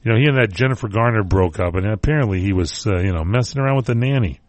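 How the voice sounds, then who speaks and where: A man's voice: on the low side, lively intonation, fast talker, no room sound. A man hosting a talk radio show, chatting casually and joking about entertainment news. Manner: wisecracking, rambling.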